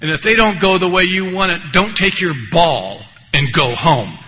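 At a recovery meeting, an older man gives a rambling, wry personal recovery share packed with conversational asides. His voice sits high, bright, and forceful, with lively intonation at a normal speed. The recording is echoey with faint background noise.

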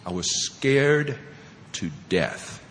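A man sharing his personal recovery story as a speaker at a meeting, animated and laughing often, swinging between loud and hushed. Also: medium pitch, very slow, big-room sound, a little hiss or hum.

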